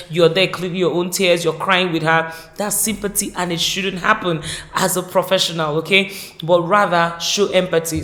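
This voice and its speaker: A woman's voice: fairly low pitch, fairly bright tone. A woman teaching a caregiving course in an informal, emphatic way, often repeating key words and acting out short example dialogues. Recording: echoey room.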